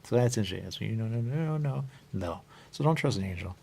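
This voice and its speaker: Deep gravelly guy rambling on his radio show, keeps looping the same phrases, faint hiss. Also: animated, fairly quick, dark tone. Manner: rambling, repeats catchphrases, jumps in pitch, chuckles. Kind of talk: rambling monologue.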